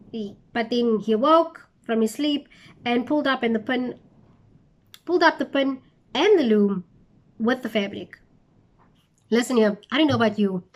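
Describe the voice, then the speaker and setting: A young woman retelling a Bible story for her channel, with chatty, incredulous asides. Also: on the high side.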